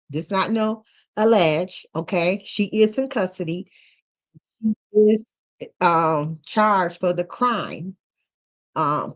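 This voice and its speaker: A woman hosting a casual livestream who rambles, uses many fillers, and keeps checking in with "okay?". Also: fairly low pitch. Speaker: livestream host.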